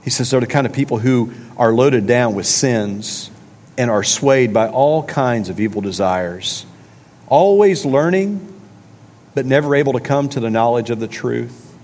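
A man's voice: medium pitch, lively intonation, a little slow, a little mellow, slight background noise. Guy preaching, chatty, keeps repeating lines, big echoey church hall. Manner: conversational preaching with emphatic repetition. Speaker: pastor. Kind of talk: sermon. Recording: long reverb of a large hall.

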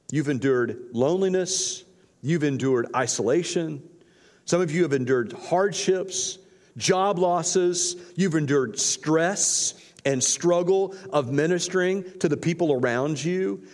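A man preaching to his congregation in a sermon, pressing his points through earnest repetition. His voice sits a little higher than most men's. The sound rings with the long reverb of a large church sanctuary. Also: a little mellow. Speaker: pastor.

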